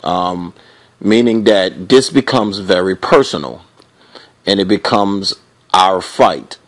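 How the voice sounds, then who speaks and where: A man hosting a radio talk show, measured and affirming as he answers a caller. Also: low voice, animated. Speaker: radio host.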